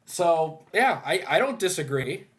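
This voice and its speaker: A man with a slightly high voice talks casually, stopping and restarting his sentences. He drops crude jokes into his opinions. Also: big pitch swings, a little slow, a bit bright. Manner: rambling, hesitant, crude jokes. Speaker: host of fan ranking discussion. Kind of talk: casual chat.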